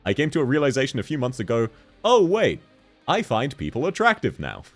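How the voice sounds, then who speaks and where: A man's voice: mid-range voice, wildly swooping pitch, fast, a bit bright, faint music behind. A young man chatting casually on a game livestream, joking, laughing often and reading chat messages aloud. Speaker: streamer.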